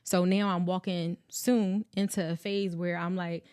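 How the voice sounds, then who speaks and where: A woman talks casually about her life, relaxed and reflective, and uses slang. Her voice is on the low side, with a dry, close sound. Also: a little slow, clean tone, no room sound. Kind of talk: casual chat.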